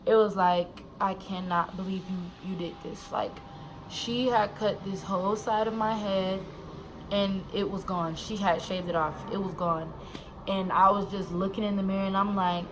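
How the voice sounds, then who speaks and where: A woman's voice: medium pitch, normal speed, a little hiss or hum, low-quality recording. Candid young woman telling her story. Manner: candid, animated, slangy, repeats "like" often. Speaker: vlogger. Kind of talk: personal storytelling.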